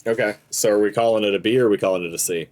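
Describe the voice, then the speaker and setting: A man's voice: fairly low pitch, very fast, darkish tone. A man co-hosting a casual podcast, telling stories animatedly and laughing through them. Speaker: podcast co-host. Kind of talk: casual chat, storytelling.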